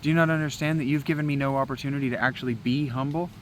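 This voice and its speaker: A man with a mid-pitched voice talks in an agitated, preachy, foul-mouthed ramble. He is recorded outdoors in the woods, with faint background noise and the odd passing vehicle. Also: steady tone, very fast, poor audio. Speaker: vlogger. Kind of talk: rambling spoken meditation.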